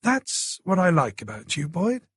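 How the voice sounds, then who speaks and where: A man's voice: a little high, big pitch swings, measured pace, fairly bright tone, slightly rough, no room sound, exaggerated voice. A man reading an audiobook voices a young woman who teases her friend with dry humour. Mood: wry. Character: friendly teasing young woman, dog walker.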